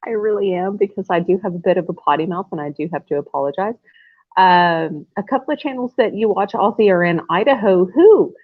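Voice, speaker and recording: A woman's voice: fairly low pitch, no room sound. A woman hosting a casual livestream from home, rambling and effusive, often breaking into laughter. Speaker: livestream host. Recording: tinny phone-like sound.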